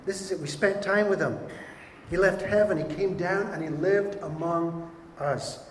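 Brief: lively male preacher, slightly higher voice, long hall reverb, faint room ambience. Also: a little slow, slight background noise. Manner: animated, acts out quoted voices. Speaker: pastor. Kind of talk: sermon.

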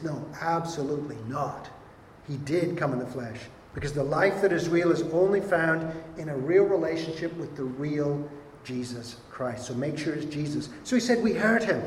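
A man preaching a sermon as pastor, animated and acting out quoted voices. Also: on the high side, slight background noise. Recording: echoey hall with faint ambience.

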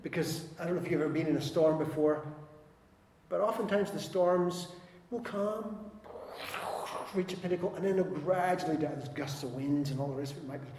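A man preaching a sermon as pastor, animated, acting out quoted voices and swinging between loud and soft. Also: fairly high pitch, brisk, roomy sound, long reverb tail, a little hiss or hum.

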